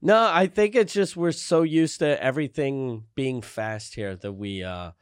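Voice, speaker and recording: A man's voice: mid-range voice, unhurried, smooth, no room sound, clean studio sound. A married man, chatting loosely and profanely with friends. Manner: loose, profane, laughing chat. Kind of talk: casual chat.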